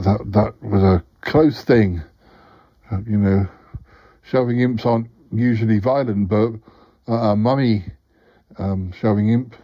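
A man's voice: medium pitch, pitched below the performer's own voice. A man voicing a timid, fretful male character who frets anxiously and keeps saying oh dear. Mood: shaken. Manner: anxious, dithering, lots of "oh dear". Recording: roomy, dull sound with loud noise.

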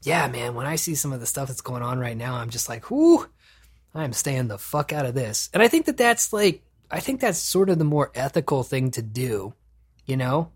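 A man hosting a podcast, chatting casually and profanely, animated and laughing often. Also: medium pitch, normal speed, breathy edge. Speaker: podcast host.

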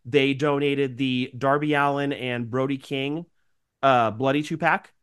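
A man's voice: mid-range voice, fairly even intonation, measured pace, fairly bright tone, smooth. A man co-hosting a podcast, sick with a cold and sounding nasal, chatting in a rambling, grateful way. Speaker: podcast co-host. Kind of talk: casual chat.

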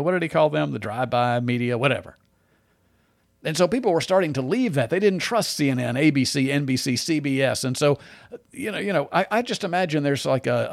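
A man hosting a solo political commentary show, talking in a sarcastic, animated way with frequent restarts and short laughs. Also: fairly high pitch, creaky, no echo, clean studio sound.

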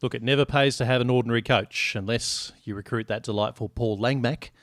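A man's voice: medium pitch, fairly even intonation, a little fast, fairly bright tone, dry recording, clean studio sound. A man co-hosting a podcast, chatty and joking, swearing freely. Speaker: podcast co-host. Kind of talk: casual sports chat.

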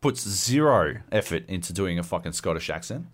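Animated, swearing male podcast co-host. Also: deep voice, moderate pace. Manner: profane, animated ranting. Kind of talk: casual podcast banter.

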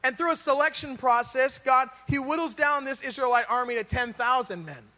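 Casual joking preacher, male, high voice, reverberant church hall. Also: a little fast, pushed and bright. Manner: casual, joking retelling with rhetorical questions. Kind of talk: sermon.

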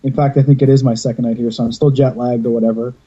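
A man chats on a podcast over a video call, drifting through long stories with plenty of casual swearing. His voice is very dark and a little husky. The call audio sounds dull and lo-fi. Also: medium pitch, level tone, very fast. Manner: rambling storyteller, swears freely. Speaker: podcast host.

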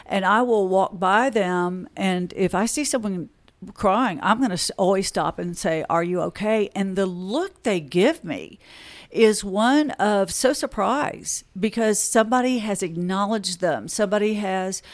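A woman's voice: medium pitch, measured pace. A woman attorney, a podcast guest, telling stories earnestly and acting out the conversations she retells. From Texas, USA. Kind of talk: podcast interview.

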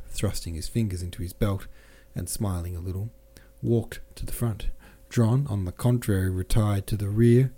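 A man hosting a podcast and reading a classic novel aloud in steady, measured narration. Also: fairly low pitch. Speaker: podcast host and reader.

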